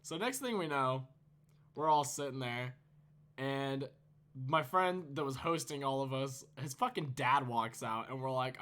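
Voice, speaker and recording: A man's voice: mid-range voice, measured pace, fairly bright tone. A teenage man telling a storytime vlog, casual and profane, rambling and laughing. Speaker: YouTuber.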